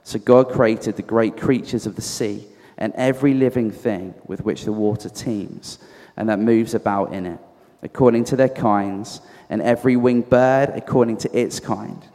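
A man with a Southern American accent reading scripture aloud at a measured, deliberate pace in a church. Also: fairly low pitch, steady tone, dark tone. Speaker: scripture reader. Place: church hall. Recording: echoey church hall, off mic.

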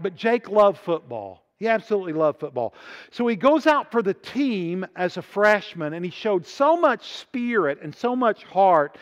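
A man telling a story in a sermon, animated, rising to excited peaks and dropping to quiet appeals. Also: high-pitched. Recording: muffled audio in a large reverberant hall.

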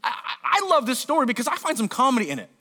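A man with a notably high voice preaches a sermon as pastor. He reads scripture passages, then breaks into loose, conversational asides, acting out lines in quick put-on voices. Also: wildly swooping pitch, bright, forceful tone.

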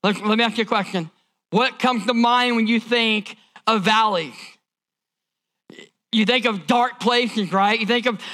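A man's voice: high-pitched, sharp tone. A man from Indiana preaching a sermon as a pastor, emphatic and repetitive, often restarting his words.

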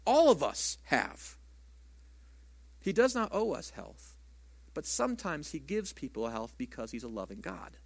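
Conversational pastor preaching, slightly high voice. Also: male voice, sing-song, a little slow, vocal fry, husky. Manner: conversational preaching with rhetorical questions. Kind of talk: sermon.

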